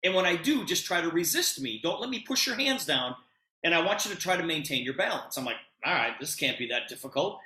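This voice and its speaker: A middle-aged man retelling a conversation to an audience with lots of expressive emphasis. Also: on the high side, fairly quick, roomy sound. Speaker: presenter telling a personal story. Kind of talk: animated storytelling to an audience.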